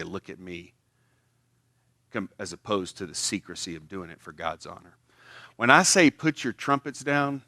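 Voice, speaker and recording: A man's voice: on the low side, no echo, studio quality. A man preaching a sermon at a church, acting out little everyday skits with a voice that jumps up when he plays them. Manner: animated, acts out little skits with rising voice. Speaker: pastor.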